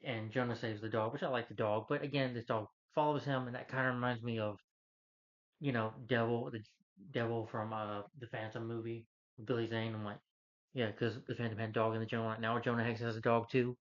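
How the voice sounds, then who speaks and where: A man's voice: mid-range voice, level tone, brisk. A man reviewing a movie, casually rambling through the plot and stringing events together with "he's like". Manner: rambling, loose retelling full of "he's like". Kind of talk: casual movie recap rant. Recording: dull lo-fi recording.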